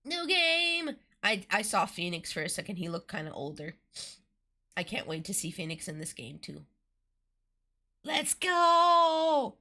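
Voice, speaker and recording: A young woman streaming a game, chatting in a bubbly, excited way and greeting her viewers. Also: low voice, fairly quick, breathy edge. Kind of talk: casual let's-play chat.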